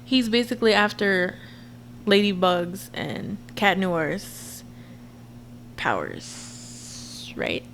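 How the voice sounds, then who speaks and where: A woman in her twenties giving a chatty, expressive reaction commentary to her viewers. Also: mid-range voice, drawn-out words, long pauses, background noise. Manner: chatty and expressive, frequent laughs and asides to viewers. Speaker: reaction vlogger.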